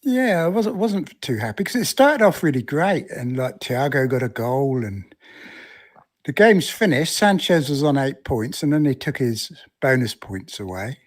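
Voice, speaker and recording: A man co-hosting a casual podcast, talking in a relaxed, plain-spoken way. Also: mid-range voice, moderate pace. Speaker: podcast co-host.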